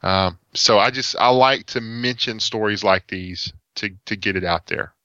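A man's voice: lowish voice, measured pace, sharp tone, smooth, dry recording, muffled recording. A man with an East Texas accent chatting casually about tech, rambling with lots of fillers and restarts. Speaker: podcast co-host.

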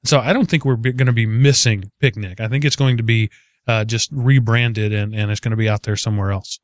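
A man's voice: fairly low pitch, fairly even intonation, fairly quick, no echo, studio quality. A man hosting a tech podcast, talking casually with a teasing, joking manner. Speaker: podcast host. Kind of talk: casual chat.

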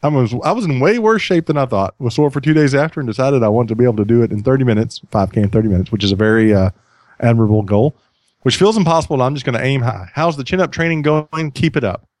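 A male podcast host talking in an easygoing, rambling way, often restarting his sentences. His voice sits at a middle pitch. The recording is dry and close, with no room sound. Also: racing, dry recording. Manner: relaxed, rambling with restarts and self-deprecating laughs. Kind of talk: casual podcast chat.

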